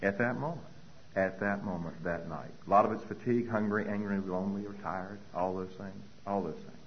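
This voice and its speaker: A man's voice: lowish voice, steady tone, fairly quick, lo-fi sound, slight background noise. A middle-aged man giving a personal recovery talk, earnest and repeating key phrases for weight. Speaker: recovery meeting speaker.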